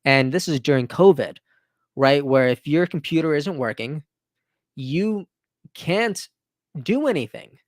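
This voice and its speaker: A man's voice: a little high, lively intonation, unhurried, pauses often, no room sound, studio quality. Earnest, enthusiastic man live-streaming. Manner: earnest and enthusiastic, with frequent restarts and "right?" tags. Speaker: livestream host. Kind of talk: casual live-stream chat.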